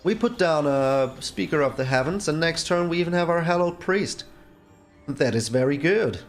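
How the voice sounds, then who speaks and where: A man's voice: fairly high pitch, animated, normal speed, soft background music. A man hosting his own gaming channel, giving casual gameplay commentary and exclaiming in exasperation at his bad luck.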